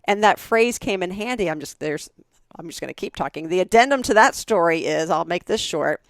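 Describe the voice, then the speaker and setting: A woman in her forties, co-hosting a podcast, tells chatty, animated stories and acts out other people's lines. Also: fairly low pitch, brisk, dry recording, clean studio sound. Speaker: podcast co-host. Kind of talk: casual storytelling chat.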